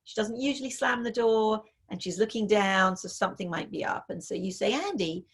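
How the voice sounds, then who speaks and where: A woman's voice: medium pitch, fairly even intonation, brisk, breathy edge. A woman author being interviewed over a video call, thoughtfully explaining parenting ideas through examples, with frequent fillers. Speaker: author and parenting expert guest.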